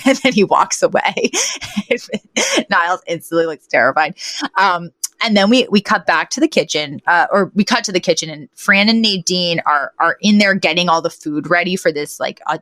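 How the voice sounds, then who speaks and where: A woman co-hosting a podcast, casually retelling a sitcom episode with animated storytelling, acting out the characters' lines and laughing often. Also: on the low side, normal speed, no room sound. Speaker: podcast co-host. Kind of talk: casual recap chat.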